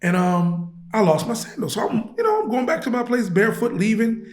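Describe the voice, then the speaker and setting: A man from Chicago telling stories as a podcast guest, animated and slangy, laughing often. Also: high voice, brisk. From Chicago, USA. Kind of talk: casual storytelling. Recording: roomy echo.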